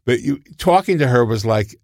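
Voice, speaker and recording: This older man, a comedy writer, animatedly shares anecdotes, doing voices and laughing a lot. His medium-pitched voice carries vocal fry at a moderate pace, and the recording is dry and studio quality.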